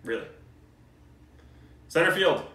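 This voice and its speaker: A male vlogger with a slightly high, animated but slow voice and a sharp tone talks through his picks in a casual video response. He jokes, swears, and banters enthusiastically, while the distant mic picks up a roomy echo.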